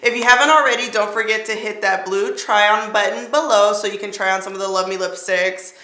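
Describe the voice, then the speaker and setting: A woman's voice: mid-range voice, steady tone, fairly quick, sharp tone. A young woman doing a chatty makeup tutorial, talking playfully through each step as she works. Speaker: beauty vlogger. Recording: roomy echo, faint music.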